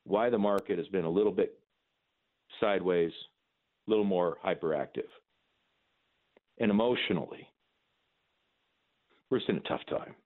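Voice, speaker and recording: A man's voice: deep voice, moderate pace, long pauses. A man hosting a call-in radio talk show, opinionated and emphatic, with mocking asides. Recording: phone-like narrow band.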